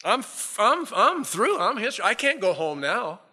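A man's voice: high-pitched, big pitch swings, normal speed, pushed and bright, husky, voice pushed up, exaggerated voice. A man voicing a sulking, self-pitying grown prophet who whines and stammers through his complaints. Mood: whiny.

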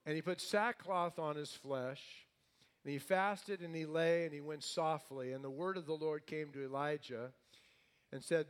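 A male pastor preaching a sermon, lively and playful, with comic asides. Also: on the high side.

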